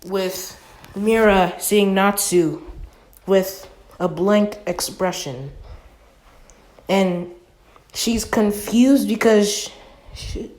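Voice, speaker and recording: A woman's voice: medium pitch, a little mellow. A woman casually retelling a fan-made anime story, rambling with fillers and self-corrections.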